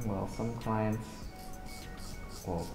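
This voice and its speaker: A man with a low, deep voice talks a client through a straight-razor shave in a relaxed, matter-of-fact way. He explains each step plainly as he works. The room echoes a bit, and music plays in the background. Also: extremely slow, creaky. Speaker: barber. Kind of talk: casual instructional chat. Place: barbershop.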